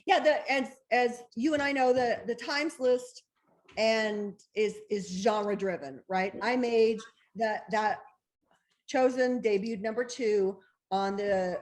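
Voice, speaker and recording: A woman author, a guest in an interview, telling a story in an excitable way, laughing often and acting out the dialogue she recalls. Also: a little high, slow.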